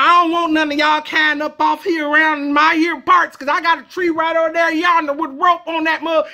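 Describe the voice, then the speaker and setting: A woman voicing a threatening rural country man who drawls and shouts. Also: high voice, voice pushed up.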